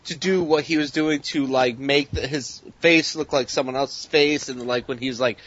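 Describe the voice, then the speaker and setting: A man talking casually about a movie, halting, with many fillers, laughing easily. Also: mid-range voice, steady tone, a bit bright. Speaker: podcast co-host. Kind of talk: casual movie review chat. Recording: dry, dull lo-fi sound.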